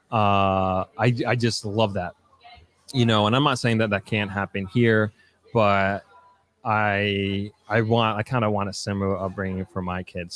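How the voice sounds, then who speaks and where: A young man hosting a live stream, reading viewer comments aloud and answering them in a loose, chatty way with many restarts and fillers. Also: on the low side. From New York, United States. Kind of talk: casual live chat.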